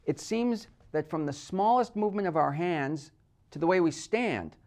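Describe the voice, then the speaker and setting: Animated man delivering a wordplay commentary. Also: high-pitched, normal speed. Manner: emphatic, playful with words. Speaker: host. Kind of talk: scripted commentary.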